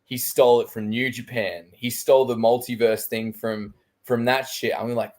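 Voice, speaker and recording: An Australian man co-hosting a podcast, telling stories in casual chat. He is animated and swears freely, acting out his own reactions. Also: medium pitch, moderate pace, hardly any pauses. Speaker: podcast co-host.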